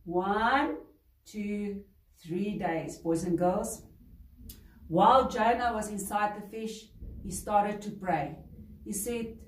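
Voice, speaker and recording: A woman's voice: medium pitch, slow pace, pauses often, far from the mic. A woman telling a Bible story to preschool children, speaking straight to them and asking them questions along the way. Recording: roomy echo, voice set back from mic.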